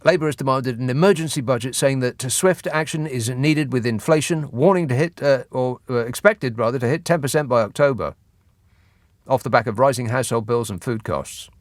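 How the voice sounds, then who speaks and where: A male radio host reads the day's political news and peppers it with dry, sarcastic jabs. His voice sits at a middling pitch and sounds close and dry in the studio, with no room around it. He is taking calls on a phone-in show. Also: fairly quick, no echo. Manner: sardonic, mocking asides. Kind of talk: satirical news commentary. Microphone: studio microphone.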